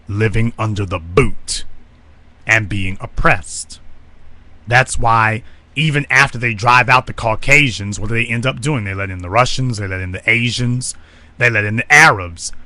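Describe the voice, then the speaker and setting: A man delivering a confrontational monologue broadcast as commentator, forceful and ranting. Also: lowish voice, no room sound. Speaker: online commentator.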